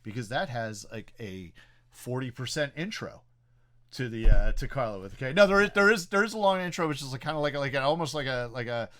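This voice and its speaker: A man's voice: mid-range voice, animated, brisk, a bit bright. A middle-aged man with a Philadelphia-area accent, co-hosting a podcast and telling stories in a rambling, profane way full of fillers. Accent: Philadelphia-area American. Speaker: podcast co-host. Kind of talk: casual chat.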